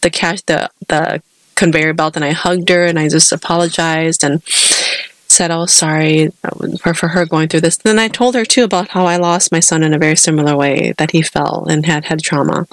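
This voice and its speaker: A woman's voice: sits low, fairly even intonation, a little fast, no room sound. An American woman in her thirties, a podcast co-host telling a long personal story in casual chat, with frequent restarts. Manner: chatty storytelling, many restarts.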